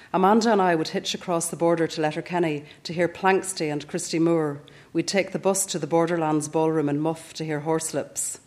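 A Northern Irish woman in her fifties reading her own reflective first-person essay in a measured way. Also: lowish voice, darkish tone. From Northern Ireland. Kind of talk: scripted first-person narration.

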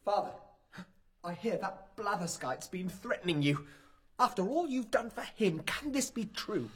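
An actor playing a brash, hot-headed young son itching for a fight, in rhymed stage verse. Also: male voice, sits high, lively intonation, a little slow, fairly bright tone, husky, exaggerated voice. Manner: brash, boastful. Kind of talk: stage play in rhyming verse.

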